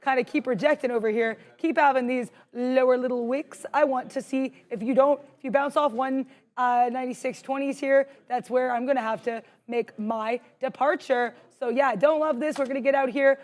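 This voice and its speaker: A woman's voice: high voice, a little mellow. A young woman co-hosting a live trading stream, chatty and self-deprecating, jittery with adrenaline. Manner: fast, bubbly, self-deprecating. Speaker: co-host and day trader.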